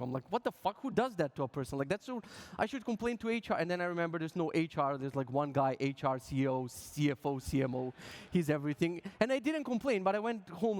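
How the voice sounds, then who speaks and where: High-voiced joking man giving a talk. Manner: joking, acts out quoted voices, swears casually. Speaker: conference speaker. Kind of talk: humorous conference talk.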